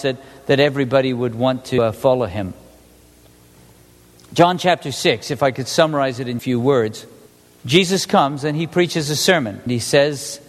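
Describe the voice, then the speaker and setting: Animated high-voiced male preacher. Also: long reverb tail. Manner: animated, conversational preaching with rhetorical questions to the congregation. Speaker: pastor. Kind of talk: sermon.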